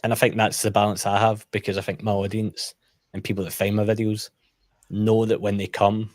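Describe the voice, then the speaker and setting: رجل صريح يسخر من نفسه بصوت منخفض. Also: male voice, lowish voice, flat delivery, a little fast, darkish tone, dry recording, clean studio sound. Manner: candid, self-deprecating, chatty. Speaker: guest co-host. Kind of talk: casual roundtable chat.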